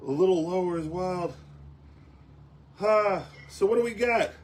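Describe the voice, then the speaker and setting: A man's voice: high-pitched, measured pace. Rambling man hosting a sports show. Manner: rambling, lots of fillers and restarts. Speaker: host. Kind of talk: casual sports talk show.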